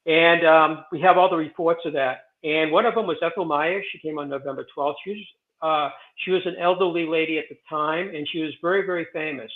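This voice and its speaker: Speaking fairly quickly in a steady tone, a man in his sixties with a fairly high voice guests on an interview, telling stories about the historic stone site he presides over. He rambles off on tangents with many fillers and restarts, all through a tinny, phone-like remote connection.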